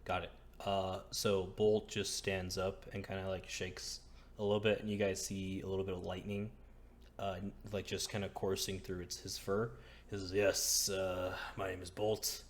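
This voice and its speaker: A man's voice: low-pitched, level tone, moderate pace. A man narrating as game master in a casual, hesitant way with many fillers.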